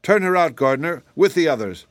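A man putting on a chorus of proud, scornful roses from a fairy tale. They speak high and loud, in haughty demands full of disdain. The voice sits dry and close to the mic. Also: expressive, normal speed, no room sound, natural voice.

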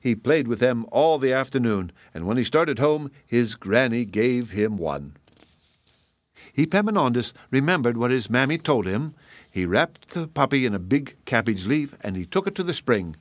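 A man reading a children's folktale aloud in a measured, expressive storytelling voice. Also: medium pitch, dry recording. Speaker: storybook reader. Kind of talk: scripted storybook narration.

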